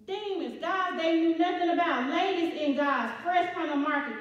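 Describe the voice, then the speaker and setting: A woman's voice: extremely high pitch, moderate pace, hardly any pauses. A woman church elder preaching a sermon. She repeats her phrases and asks the congregation questions. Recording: very echoey church hall, distant mic, dull sound.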